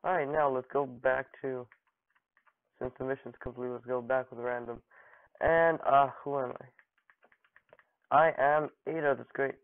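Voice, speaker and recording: A young man talks slowly and loosely over a fighting game, throwing out mock-grand taunts between jokes. His voice comes through narrow and phone-like, with no room sound at all. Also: mid-range voice, fairly even intonation, creaky, no echo. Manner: joking, mock-dramatic taunts at opponents. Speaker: gaming channel host. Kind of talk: casual gameplay commentary. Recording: dry, phone-like narrow audio.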